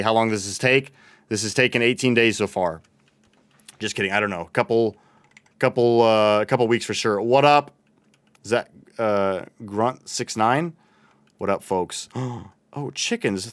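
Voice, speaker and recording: Young male streamer, casual chatty delivery, mid-pitched and resonant, close and dry. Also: fairly bright tone, clean tone, dry recording. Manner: chatty, reads chat aloud and thanks followers. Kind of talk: casual livestream chat while gaming.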